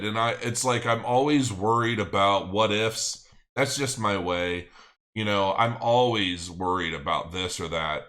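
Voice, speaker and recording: Middle-aged guy rambling on his live stream, kinda bright forceful tone. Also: mid-range voice, slow. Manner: rambling, thinking aloud with many restarts. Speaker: crypto channel host. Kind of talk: casual livestream chat, reading viewer comments.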